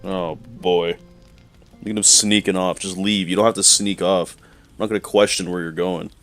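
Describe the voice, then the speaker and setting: A man's voice: deep voice, steady tone, normal speed, a bit bright, faint music behind. A young man streaming a game, joking crudely and talking back to the characters. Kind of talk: casual gameplay commentary.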